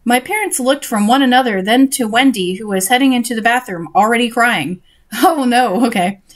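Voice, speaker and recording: Here a young woman with a fairly high voice reads a story at a fairly quick pace. She interrupts herself with sarcastic, exasperated commentary on the text.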